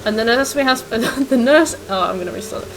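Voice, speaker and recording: A woman's voice: a little high, fast talker, slight background noise. A woman in her twenties, a streamer chatting casually with viewers while gaming, rambling with lots of fillers.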